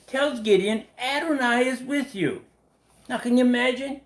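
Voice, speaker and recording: A man leading a casual live Bible study, animated and laughing as he acts out the people in the story. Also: sits high. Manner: animated, laughing, acting out quotes.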